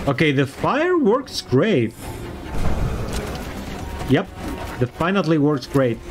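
Excitable cursing game streamer, man. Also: a little high, slow, pauses often, over music. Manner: excitable, swears loudly, yells at the monster; switches between English and Spanish. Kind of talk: live gameplay commentary.

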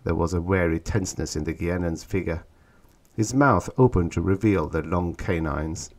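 A man narrating a vintage science fiction short story in a calm, measured reading style. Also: sits low. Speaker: audiobook narrator. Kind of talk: scripted narration.

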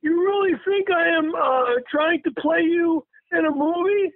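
A man imitating an exasperated middle-aged woman who calmly tries to placate someone, heard over a tinny phone line. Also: extremely high pitch, measured pace, no echo, voice pushed up. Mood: bewildered. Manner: calm, placating, bewildered.

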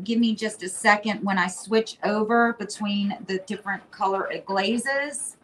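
A woman's voice: mid-range voice, fairly bright tone. Woman chatting thru a painting livestream, reads comments, friendly southern phrasing. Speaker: host of a furniture painting livestream. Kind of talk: casual livestream chat, reading viewer comments.

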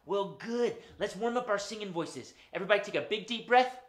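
A man hosting a children's puppet show, talking to the kids at home in an animated, sing-song way. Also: high-pitched, a little fast. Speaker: children's entertainer host. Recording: roomy room echo.

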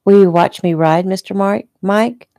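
A woman's voice: medium pitch, steady tone, normal speed, warm tone, no echo, studio quality, pitched above the performer's own voice, close to an everyday voice. A woman voicing a know-it-all little girl. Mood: eager. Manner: explaining, matter-of-fact. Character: confident little girl, knowing and eager.

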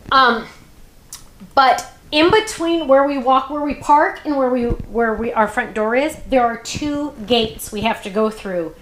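A woman's voice: sits high, unhurried, fairly bright tone, roomy sound, slight background noise. A woman hosting a crafting show, chatting casually and rambling through stories with plenty of fillers.

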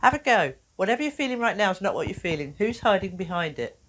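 A woman talks to children in a bouncy, animated way, her pitch climbing and dipping all over the place. She sounds playful and encouraging, like a presenter explaining feelings to a class. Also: fast, a little hiss or hum. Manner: animated, playful, acts out little voices. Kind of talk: talking to children in an educational video.

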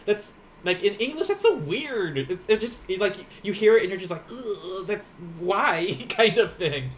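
A man's voice: sits high, big pitch swings, normal speed, a little hiss or hum. A man in his thirties giving a casual live Japanese lesson, rambling and laughing often while he eats. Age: 30s. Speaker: Japanese teacher.

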